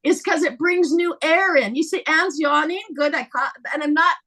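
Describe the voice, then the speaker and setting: A woman leading a live laughter yoga session over a video call, animated and often breaking into laughter as she guides breathing. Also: high-pitched, moderate pace.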